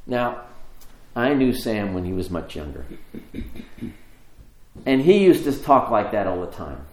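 A man giving a sermon, telling a story with pauses and shifting emphasis. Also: lowish voice, big pitch swings. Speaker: preacher. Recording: roomy echo.

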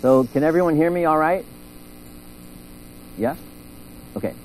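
A middle-aged man preaching a sermon in a church, telling a story with lively acted-out voices. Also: on the high side, a little slow, a little hiss or hum, rough recording. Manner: animated storytelling, acting out voices.

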